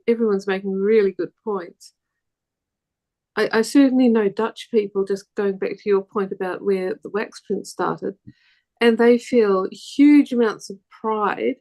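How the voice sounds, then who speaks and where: A woman with a New Zealand accent speaking as a panelist, chatty and rambling, with many restarts and self-corrections. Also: mid-range voice. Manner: laughs easily, animated when indignant. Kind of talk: panel discussion.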